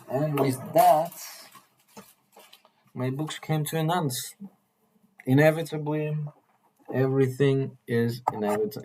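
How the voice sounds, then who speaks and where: Slow, halting man talking to camera. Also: mid-range voice, background noise. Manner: halting, repeats phrases, restarts often; earnest, mildly swearing. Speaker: vlogger. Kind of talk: casual monologue to camera.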